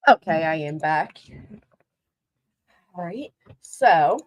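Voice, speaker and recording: A woman's voice: deep voice, animated, slow, darkish tone. Sarcastic woman host reacting to clips. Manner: sarcastic, laughing asides, trailing restarts. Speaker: commentary channel host. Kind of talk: casual reaction commentary.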